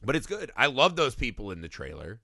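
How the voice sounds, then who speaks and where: A man co-hosting a casual movie podcast, talking in an animated, profane way and acting out scenes in goofy voices. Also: mid-range voice, a little fast, vocal fry, no echo, clean studio sound. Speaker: podcast co-host. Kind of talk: casual movie-review chat.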